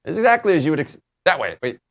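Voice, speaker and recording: A man's voice: on the high side, sing-song, very fast, gravelly. Chatty man hosting a gaming show. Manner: chatty, rambling, laughs a lot. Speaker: show host. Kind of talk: casual chat.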